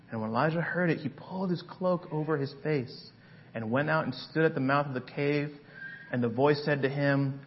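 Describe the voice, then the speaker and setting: A man preaching a sermon as pastor, dramatic and swinging from loud passages to hushed ones. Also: medium pitch, a little fast, lo-fi sound, a little hiss or hum.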